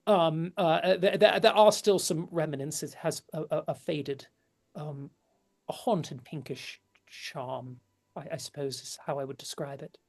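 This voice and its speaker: A woman's voice: deep voice, measured pace, a little mellow. A woman voicing a flustered noble lady hostess who stammers through fussy, polite speech in a tabletop role-play.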